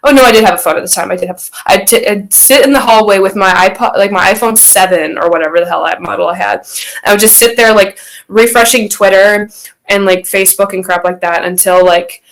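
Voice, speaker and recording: On a podcast, a young female guest rambles through a personal anecdote, full of fillers, restarts, and acted-out quotes. She speaks a little fast in a mid-range voice, captured on a rough recording.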